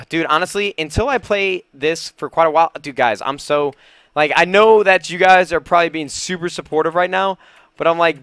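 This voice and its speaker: Excitable man narrating his gameplay. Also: on the high side, dry recording. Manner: excitable, nervous, talks to himself and viewers. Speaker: gaming YouTuber. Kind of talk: let's play commentary.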